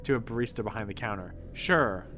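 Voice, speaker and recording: A man streaming himself reading an AI text game aloud, mostly deadpan but breaking into laughter. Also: medium pitch, normal speed, soft background music.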